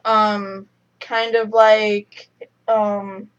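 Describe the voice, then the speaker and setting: A woman's voice: mid-range voice, flat delivery, drawn-out words, dull audio. A woman co-hosting a casual review chat, explaining at length with lots of fillers. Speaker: podcast co-host.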